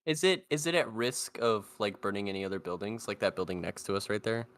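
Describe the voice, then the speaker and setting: A man's voice: on the low side, quick pace, fairly bright tone. A man playing a tabletop game over an online call, describing his character's actions with a laugh. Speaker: player. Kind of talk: casual game table chat.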